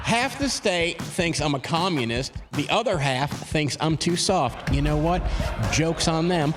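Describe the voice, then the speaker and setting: A man's voice: on the high side, expressive, unhurried. A man doing a stand-up impression of a folksy, self-deprecating Midwestern politician, with music playing underneath. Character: comedian impersonating a folksy Midwestern governor.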